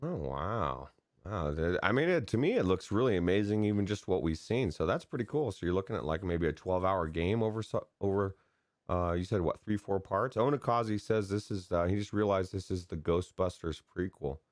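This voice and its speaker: Deep voiced dude cohosting a gaming podcast, rambly and hyped, dry close mic. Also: male voice, fairly quick, no room sound. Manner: loose, excitable, rambling with restarts. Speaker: podcast co-host. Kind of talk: casual chat about gaming news.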